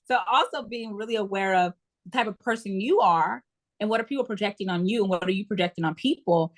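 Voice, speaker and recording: A woman guest in a casual interview who tells lively stories about self-care and acts out her own inner dialogue. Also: medium pitch, fast talker.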